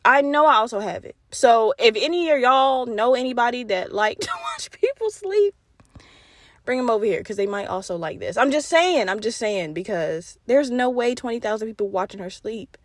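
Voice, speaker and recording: A woman's voice: on the high side, moderate pace, no room sound, clean studio sound. A young woman hosting her own podcast, chatting casually and animatedly, swearing and laughing, with a slight stutter. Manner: animated, swearing, laughing, talks straight to listeners. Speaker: podcast host. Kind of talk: casual solo podcast chat.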